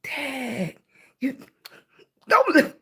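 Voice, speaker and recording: A Southern woman with a high, bright-toned voice chats live with her viewers into a phone or webcam mic. She talks slowly, greeting each new arrival by name and calling them baby. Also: very animated. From Southern United States. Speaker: livestream host. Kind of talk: casual livestream chat with viewers.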